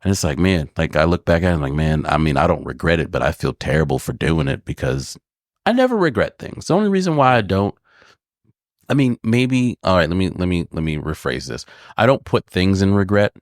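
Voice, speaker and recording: Podcast co-host, male, low-pitched, lively and profane storyteller, dry room. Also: a little fast, no room sound. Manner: animated, swears freely, acts out voices in his stories. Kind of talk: casual storytelling chat.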